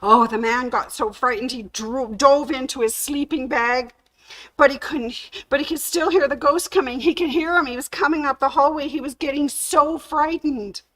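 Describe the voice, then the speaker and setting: A woman hosting a sewing channel livestream, telling a ghost story slowly and dramatically. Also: high voice, a bit bright.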